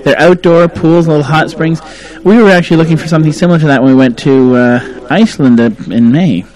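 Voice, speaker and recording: A man's voice: on the high side, quick pace, darkish tone, poor audio. Chatty Canadian man hosting a radio show. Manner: chatty, laughs often. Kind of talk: casual radio chat.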